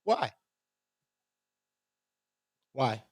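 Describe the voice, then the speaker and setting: A man's voice: very slow, dry recording. A man from Brooklyn with a New York accent, hosting his own channel in a heated, profane rant, repeating himself and acting out what others said. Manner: animated, repetitive, profane, acts out quoted voices. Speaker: channel host.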